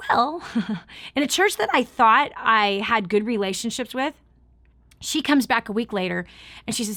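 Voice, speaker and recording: Animated woman host telling a story. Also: fairly high pitch, moderate pace, no echo. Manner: animated storyteller acting out dialogue. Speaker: radio show host. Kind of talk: storytelling and read ad.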